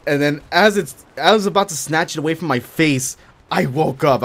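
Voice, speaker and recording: A man's voice: a little high, moderate pace, a bit bright. A young man telling a long story over gameplay in a casual, rambling way, swearing often and filling with "like". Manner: rambling, profane, filler-heavy. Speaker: gaming commentator.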